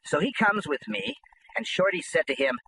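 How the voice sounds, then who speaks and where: Animated bright-voiced male audiobook narrator. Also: sits high, moderate pace, creaky, a little hiss or hum, rough recording. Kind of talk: audiobook narration of a first-person memoir.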